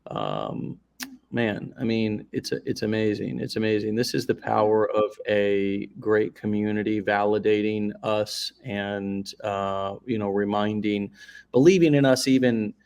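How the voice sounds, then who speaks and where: A man's voice: lowish voice, a little slow, vocal fry, darkish tone. A man hosting a live interview show, talking effusively and rambling through long questions. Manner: effusive, rambling, many restarts and fillers. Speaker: host.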